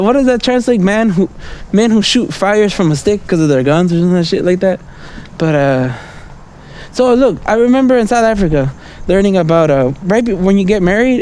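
A man speaks in a high voice with a darkish yet clean tone. He's vlogging outdoors on a city street at night, rambling casually through his thoughts, constantly asking "right?" and "you know?" and chuckling in between.

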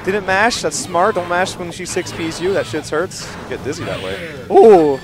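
A young man doing live, joking, profane commentary on a fighting-game match at a tournament, yelling at big plays. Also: sits high, animated, moderate pace. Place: gaming tournament venue. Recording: live stream with crowd noise and music.

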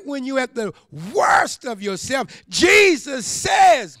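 A pastor preaching a sermon, repeating phrases for emphasis and building up to shouts. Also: male voice, very high voice, very animated, takes it slowly, no room sound, clean studio sound.

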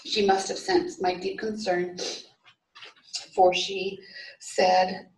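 A woman reading a story aloud at a memorial service, in a steady storytelling manner with small restarts. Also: mid-range voice, takes it slowly, long pauses. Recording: echoey room, voice from far off.

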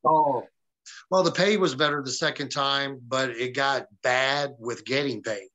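A man's voice: mid-range voice, a little slow, sharp tone, poor audio. A man being interviewed as a former pro wrestler, telling stories bluntly and with plenty of swearing, often acting out what others said to him. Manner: profane, blunt, quotes others in dialogue. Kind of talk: casual storytelling interview.

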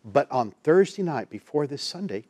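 A man's voice: a little high, sing-song, normal speed, a little mellow, no echo. A man, a Christian counselor and minister, tells a personal story as a guest in a TV interview, acting out the people he quotes.

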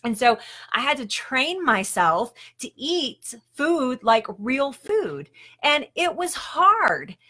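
A woman's voice: high voice, sing-song, slow, pushed and bright. A woman health coach talking casually on a live stream, chatty and laughing often as she tells a story.

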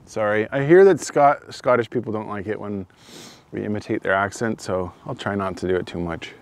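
A man's voice: lowish voice, brisk, muffled recording. A man vlogging on his own outdoors, talking himself through a first try at a new instrument, self-deprecating and chuckling as he thinks aloud. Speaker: channel host trying bagpipes. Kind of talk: casual solo vlog. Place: outdoors in the open.

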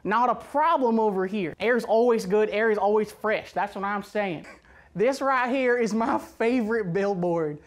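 A woman's voice: medium pitch, moderate pace, lightly acted. A woman voicing a brash, boastful American patriot in an exaggerated Southern accent. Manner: boastful, whooping, rambling.

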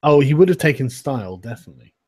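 Man, husky voice, laid-back joking stream host, dry mic. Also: medium pitch, big pitch swings, quick pace, a little mellow, no room sound. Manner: laughing, swearing, loose and joking. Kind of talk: casual livestream chat.

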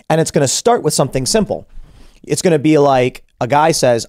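A man's voice: medium pitch, fast talker, a little mellow, no room sound. A man hosting a podcast, talking casually and animatedly, acting out imagined dialogue with many restarts, close to a studio mic. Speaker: podcast host.

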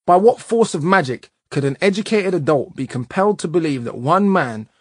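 A man reading a nonfiction audiobook in a measured, emphatic way. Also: fairly high pitch, animated, husky, no echo, studio quality. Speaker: audiobook narrator.

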